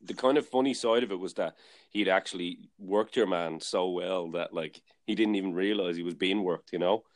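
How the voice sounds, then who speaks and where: A man's voice: low-pitched, normal speed. A man hosting a podcast, telling a story in a casual, rambling way with lots of fillers. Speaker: podcast host. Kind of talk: casual chat.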